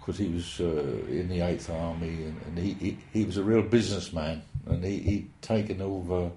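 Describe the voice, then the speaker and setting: Older man, low mellow voice, rambling folksy reminiscence, roomy echo. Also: steady tone, moderate pace, slight background noise. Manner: rambling, hesitant, folksy storytelling. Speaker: interviewee. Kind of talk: oral history reminiscence.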